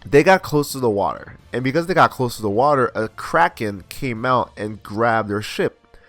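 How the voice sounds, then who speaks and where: A man's voice: medium pitch, expressive, moderate pace, fairly bright tone, no echo, faint music behind. A young man recapping and reviewing an anime episode in a casual, rambling way, full of slang and restarts.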